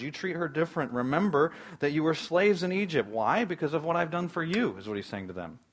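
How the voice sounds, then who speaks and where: A man preaching a sermon, emphatic, swinging between loud declarations and quiet, hushed asides. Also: on the high side, animated, fast, hardly any pauses. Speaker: pastor.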